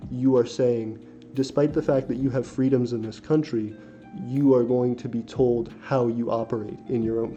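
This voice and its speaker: Casting a young man to host a casual stream: keep it dark and mellow, ramble a little, stop and correct yourself, and read the chat comments off the screen. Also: medium pitch. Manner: rambling, many fillers and self-corrections. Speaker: livestream host. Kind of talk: casual livestream chat, reading viewer comments aloud. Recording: dull lo-fi stream audio with faint hiss.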